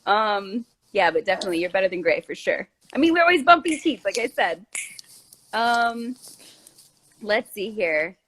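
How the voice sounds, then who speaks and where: A woman's voice: medium pitch, sing-song, moderate pace, fairly bright tone. A woman chatting casually on a live stream, teasing and rambling and reading out viewer questions. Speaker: actress.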